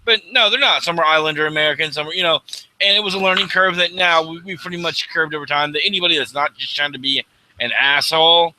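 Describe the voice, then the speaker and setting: A man's voice: on the high side, fast, noisy background. A man co-hosting a casual radio talk show, blunt and swearing freely. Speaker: podcast co-host. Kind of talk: casual chat.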